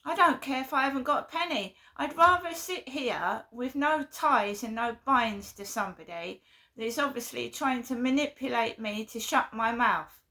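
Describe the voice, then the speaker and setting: A woman's voice: a little high, animated, normal speed, pushed and bright. A woman venting emphatically in a vlog, repeating her points in an aggrieved way. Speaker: vlogger.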